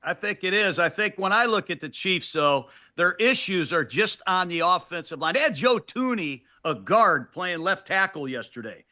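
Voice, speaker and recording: Bright, punchy coach breaking down football. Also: male voice, high-pitched, animated, normal speed, few pauses. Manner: emphatic, clipped, coach-like breakdowns. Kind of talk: football analysis on a talk show.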